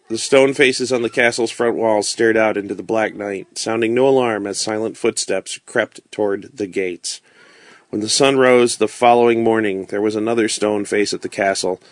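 A man reading a classic novel aloud as a bedtime story, calm and unhurried with occasional fillers. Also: fairly low pitch, no room sound.

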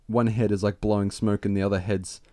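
A man's voice: on the low side, flat delivery, fairly quick, warm tone, dry recording, studio quality. A man co-hosting a casual podcast, chiming in with his own jokes and stumbling over his restarts as he adds to the story. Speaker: podcast co-host. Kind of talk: casual chat.

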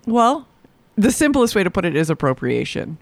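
A talk show co-host who trades teasing remarks with the host and is quick to set him straight. The voice moves lively up and down in pitch. The recording is close and dry. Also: dry recording. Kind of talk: casual on-air banter.

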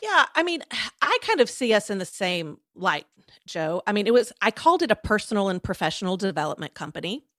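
A woman guest in an interview, telling her own story in a chatty, animated way with many fillers. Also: mid-range voice, a little fast, dry recording, clean studio sound. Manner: chatty, animated, lots of fillers and quoted asides. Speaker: guest, former lawyer turned coach.

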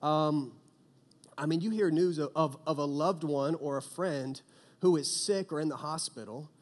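A man's voice: a little high, normal speed. A young man preaching to a youth group, telling a comic story with acted-out quotes before turning to prayer. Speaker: youth pastor.

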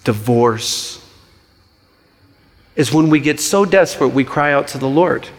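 Male pastor, slightly high voice, chatty storytelling sermon, long hall echo. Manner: conversational, animated storytelling with quick asides. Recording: reverberant hall.

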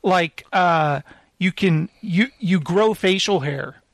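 A man with a high voice chats casually, telling an animated story. The sound is dry and close, with no room echo. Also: takes it slowly. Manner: animated storytelling, acting out quoted lines. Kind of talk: casual chat.

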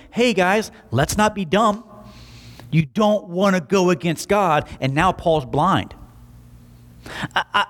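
A young adult man preaching a sermon, telling stories with lively voiced asides. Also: sits high. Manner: animated storytelling with voiced asides. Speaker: pastor.

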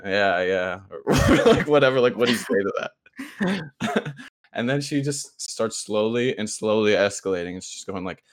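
A man's voice: on the low side, expressive, moderate pace. A young man co-hosting a podcast, telling a dream story in casual chat, laughing often and using many fillers. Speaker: podcast co-host.

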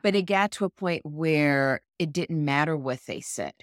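A woman's voice: sits low, moderate pace, no echo, clean studio sound. A woman co-hosting a podcast in an earnest, encouraging coaching tone. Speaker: podcast co-host. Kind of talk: motivational casual chat.

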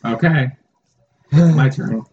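A man's voice: fairly high pitch, slow pace, a little mellow, slightly rough, highs cut off. A man playing a tabletop game, swearing a lot and sounding exasperated. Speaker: player.

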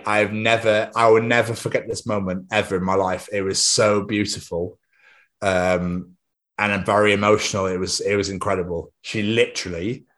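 A young man telling stories on a podcast with a lowish voice. He chats casually and excitedly, swearing freely as he goes. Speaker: podcast co-host. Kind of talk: casual chat.

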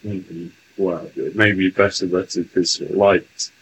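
Slow, very deep formal man. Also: steady tone, a bit bright, slight background noise, low-quality recording. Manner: formal, deliberate, stilted phrasing. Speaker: channeled speaker. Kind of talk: channeling session.

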